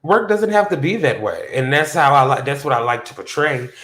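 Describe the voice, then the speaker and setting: A man chatting casually on his own live show, easygoing and talkative. He tells a story from his workday with an animated delivery and shoots up high whenever he acts out his own reactions. His voice sits in an ordinary middle pitch. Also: brisk. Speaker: podcast host. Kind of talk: casual livestream chat. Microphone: phone on a hotspot.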